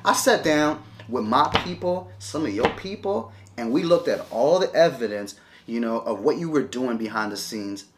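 A man's voice: medium pitch, lively intonation, normal speed, slight background noise. A man talking straight to a camera, heated and scolding, repeating himself as he confronts his ex-wife. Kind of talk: confrontational casual talk to camera.

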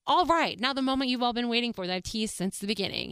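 A woman's voice: on the high side, animated, quick pace, hardly any pauses, a bit bright, clean tone, no room sound. A woman hosting her own podcast, chatting casually and bubbly with lots of fillers and laughs, from a small studio. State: out of breath. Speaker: podcast host. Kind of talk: casual solo podcast chat.

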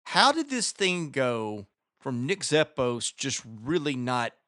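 A man's voice: mid-range voice, very animated, fairly bright tone, dry recording, clean studio sound. Plain-spoken male radio host. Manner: reads listener questions, plain and measured. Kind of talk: radio interview.

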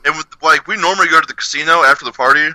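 A man's voice: fairly high pitch, very fast, sharp tone, no echo, rough recording. A man co-hosting a podcast, telling rowdy stories in casual chat, swearing freely and laughing often. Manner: loose storytelling with heavy profanity and laughter. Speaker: podcast co-host.

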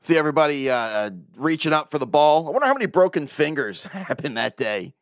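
Very animated and fast-talking, a man with a voice on the high side hosts his own sports podcast. He rants casually with heavy swearing and lots of laughter, recorded in clean studio sound with no room noise.

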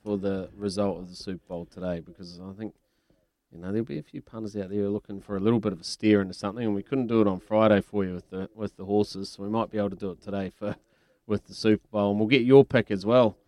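A man's voice: fairly low pitch, steady tone, quick pace, a little mellow, no room sound. A man hosting a sports radio show, chatty and teasing, laughing often. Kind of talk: casual radio chat.

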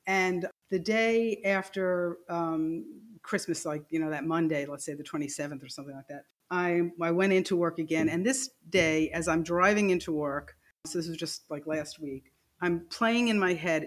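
A woman's voice: fairly low pitch, normal speed. A woman telling a personal story as a podcast guest. She laughs as she goes and acts out the lines of the people in it. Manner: animated, laughing storyteller who acts out quoted dialogue.

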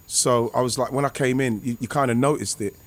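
A former footballer, telling a rambling, excitable anecdote over a remote call. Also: male voice, mid-range voice, brisk. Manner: rambling, excitable, many restarts and fillers. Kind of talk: casual anecdote on a podcast.

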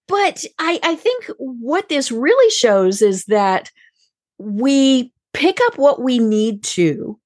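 A woman's voice: mid-range voice, darkish tone, no room sound, clean studio sound. A woman hosting an interview, chatting casually and often giving short responses. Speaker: interview host.

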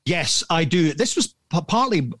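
A man in his fifties, a podcast guest telling stories in a chatty, animated way, often laughing. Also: on the high side, normal speed, dry recording. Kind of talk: casual storytelling.

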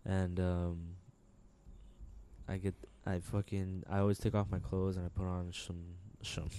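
A man co-hosting a podcast, telling a rambling story full of swearing and slang, laughing often, relaxed and high. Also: measured pace, clear, resonant tone. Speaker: podcast co-host. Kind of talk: casual chat.

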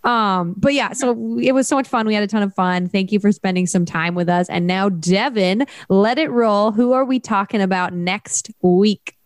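A woman's voice: mid-range voice, moderate pace, few pauses. A young adult woman co-hosting a podcast in casual chat, enthusiastic and gushing, with frequent fillers. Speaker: podcast co-host.

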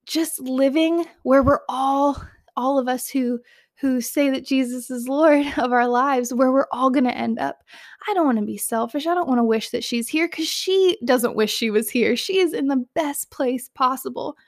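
A woman's voice: sits high, darkish tone, no room sound, clean studio sound. A mother sharing a faith testimony in an earnest, encouraging way, speaking straight to her listeners. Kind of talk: heartfelt personal testimony.

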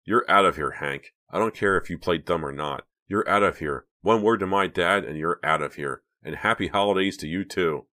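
A man voicing a sharp-tongued, spoiled teenage girl in an audiobook, sarcastic and indignant. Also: sits low, normal speed, few pauses. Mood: defiant.

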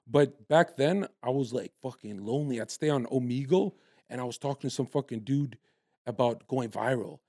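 A young man in his twenties from Canada, telling stories in a brash, profane, animated way as a guest in a casual podcast chat. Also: mid-range voice, moderate pace, dry recording, clean studio sound.

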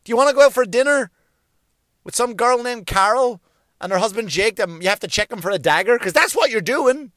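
A man doing a profane comic rant, swearing constantly and mimicking people in quick bits. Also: very high voice, expressive, fairly bright tone, dry recording, studio quality. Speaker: comedian.

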